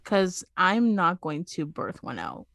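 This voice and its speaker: A woman's voice: fairly low pitch, slow, no echo, clean studio sound. Chatty woman telling a story. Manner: animated storyteller, acts out quoted exchanges. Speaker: podcast co-host. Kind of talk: casual chat, storytelling.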